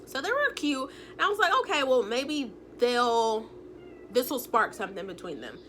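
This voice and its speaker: High-pitched woman gossiping through a show recap, sassy and blunt, cusses a bit. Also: moderate pace, slight background noise. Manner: animated, blunt, salty with swearing. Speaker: reality show recap vlogger. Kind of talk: casual chatty recap.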